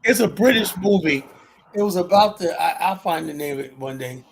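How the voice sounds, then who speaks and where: Gravelly-voiced man rambling. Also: on the high side, animated, fairly quick, low-quality recording. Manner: rambling recollection, trails off and restarts. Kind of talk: casual group chat.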